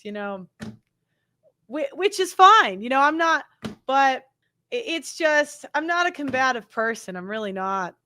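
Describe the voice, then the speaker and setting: A woman's voice: high voice, pushed and bright, dry recording. A young woman hosting her own show, talking in an indignant, defensive monologue full of "like" and "you know", acting out the people she quotes. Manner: mimics others in quoted lines. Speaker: show host. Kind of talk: opinionated monologue to camera.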